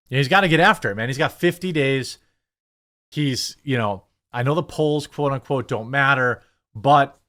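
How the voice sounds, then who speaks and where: Blunt and sarcastic, a man delivers casual political commentary, rambling with frequent restarts and filling gaps with plenty of "you know" and "I mean." His middle-pitched voice has a fairly bright tone.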